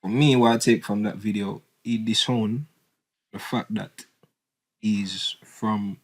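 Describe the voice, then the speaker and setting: Low-voiced man explaining. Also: steady tone, takes it slowly. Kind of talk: casual discussion.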